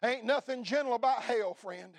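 Middle-aged man, pastor, revival sermon; very high voice, close dry sound; drops to hushed pleas, then shouts. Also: moderate pace, no room sound. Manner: impassioned, swings between hushed pleading and shouting, frequent "uh" fillers.

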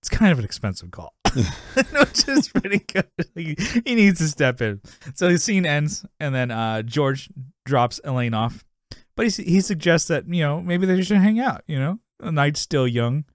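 A man's voice: fairly high pitch, very animated, a little slow, dry recording, clean studio sound. A man co-hosting a podcast, recapping a sitcom episode in casual chat, rambling, laughing often and acting out quotes.

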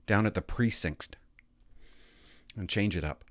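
A man's voice: fairly low pitch, a little slow, fairly bright tone, no echo. Older man rambling self-consciously to camera. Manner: self-conscious, stumbles over words, swears casually. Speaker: retired vlogger playing hotline calls.

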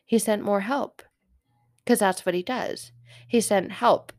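A middle-aged woman and mother telling a personal faith story as a podcast host, rambling and animated and often correcting herself. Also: mid-range voice, slow, no room sound, studio quality.

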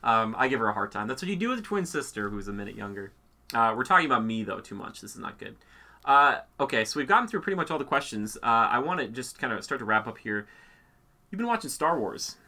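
A man's voice: medium pitch, very animated, fast talker, sharp tone. A young man hosting a casual family interview, playful and teasing. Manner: playful, teasing, puts on silly voices in quotes. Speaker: host.

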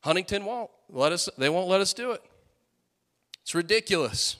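A man in his late twenties preaching a sermon with fiery, rising peaks and quieter storytelling asides. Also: high-pitched, expressive, normal speed. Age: late 20s.

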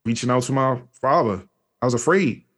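Fast-talking man telling his story. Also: mid-range voice. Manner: fast, rambling, slangy, with frequent restarts. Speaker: interview guest. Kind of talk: candid personal storytelling.

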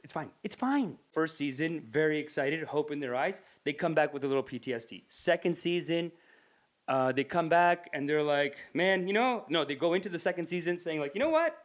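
A man from Canada tells loose, rambling comic stories on his podcast. His voice sits a little higher than most men's. He swears casually and acts out bits as he goes. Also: fast. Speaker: podcast host. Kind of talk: casual comedic storytelling.

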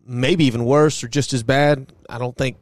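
A man's voice: mid-range voice, steady tone, normal speed, dry recording, clean studio sound. A man co-hosting a casual sports podcast, talking loosely with restarts and casual swearing. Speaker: podcast co-host.

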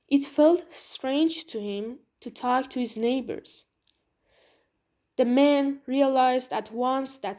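Slow, high-voiced woman narrator. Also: warm tone. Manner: slow, clear reading. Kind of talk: storybook narration.

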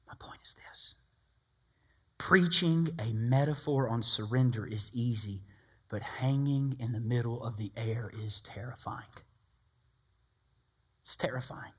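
A male pastor with a husky, medium-pitched voice preaches a streamed sermon. He tells a story with animated, excited delivery that sometimes drops into hushed intensity.

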